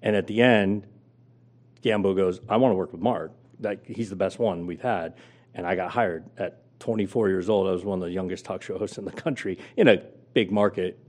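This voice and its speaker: Animated low-voiced male storyteller. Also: normal speed. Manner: animated storyteller, acts out quotes with big pitch jumps. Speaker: guest, former sports radio host. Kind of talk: storytelling interview.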